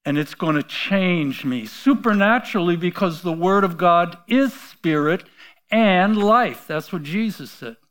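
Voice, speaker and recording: A man's voice: high voice, fairly bright tone. A man preaching an informal sermon in a rambling, folksy way, chuckling between points. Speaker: pastor.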